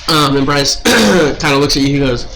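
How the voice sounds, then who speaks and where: A man's voice: a little high, lively intonation, normal speed. Male game master loose, filler-heavy narration, faint background hiss.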